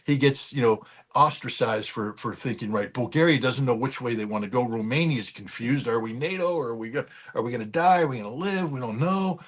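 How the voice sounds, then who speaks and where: A man delivers animated political commentary, blunt and emphatic, tossing in mocking asides. His voice has a husky, slightly breathy texture at a middling pitch.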